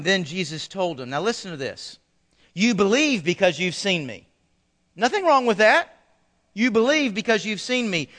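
A male pastor giving an animated, conversational sermon to a large church crowd, often acting out the people he quotes. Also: high-pitched. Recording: long hall reverb.

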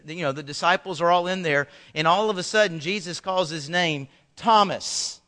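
A male pastor giving an animated, conversational sermon to a large church crowd, often acting out the people he quotes. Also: high-pitched. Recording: long hall reverb.

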